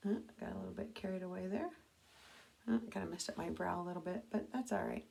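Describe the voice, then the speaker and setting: A middle-aged makeup consultant chats her way through a tutorial in her home bathroom, demonstrating as she goes and correcting herself along the way. Her voice is lowish and warm, with vocal fry, and she talks fast. The camera mic picks her up.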